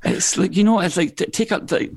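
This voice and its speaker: A middle-aged Scottish filmmaker chatting as a podcast guest, animated and emphatic, his pitch jumping up as he gets going. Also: brisk, vocal fry, slightly rough, no echo. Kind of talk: casual podcast chat.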